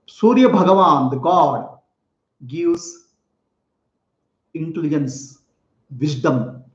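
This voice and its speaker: A man's voice: fairly high pitch, animated, slow. A man, a spiritual teacher, telling a sacred story for children in simple, repetitive words and explaining terms. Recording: echoey room, dull lo-fi sound.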